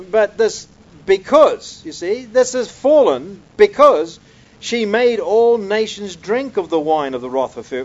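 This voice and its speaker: A man's voice: high-pitched, muffled recording. A man preaching a conversational, emphatic sermon, often dropping "man" into his lines and shown on slides to a room and online audience. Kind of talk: sermon teaching. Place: church or hall with slides.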